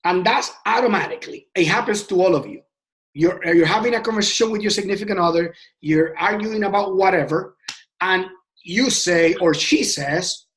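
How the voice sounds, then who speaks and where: Man, high voice, sales trainer, casual teaching, emphatic, frequent restarts. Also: fairly quick, fairly bright tone. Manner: passionate and emphatic; repeats words and restarts often.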